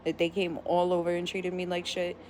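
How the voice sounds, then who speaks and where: A woman vlogger telling a story in a casual, animated rant, blunt and sometimes profane. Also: lowish voice, fairly quick, slight background noise.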